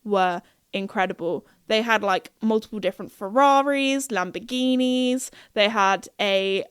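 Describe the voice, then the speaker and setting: A woman's voice: medium pitch, a little slow, a bit bright, clean tone, no echo, studio quality. A young woman hosting a podcast, telling stories in a chatty, giggly way with lots of fillers. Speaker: podcast host. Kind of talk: casual chat.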